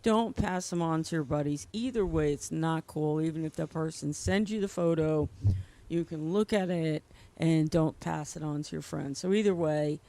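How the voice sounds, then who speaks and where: A woman's voice: low-pitched, normal speed, warm tone. A woman hosting a casual podcast chat show, talking freely and laughing often.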